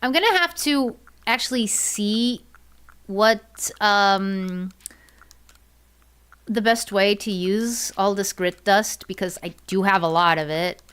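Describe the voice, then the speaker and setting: A woman's voice: medium pitch, animated, slow, a bit bright, clear, resonant tone. A woman streaming a game in casual chat, rambling and thinking aloud with many fillers and repeats, giggly and self-mocking. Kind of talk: casual gaming livestream chat.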